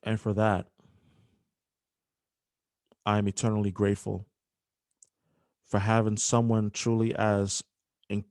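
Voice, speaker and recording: A young man hosting a podcast, speaking emotionally with halting restarts and apologies. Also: lowish voice, a little mellow, dry recording, studio quality. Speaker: podcast host. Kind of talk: emotional podcast dedication and interview.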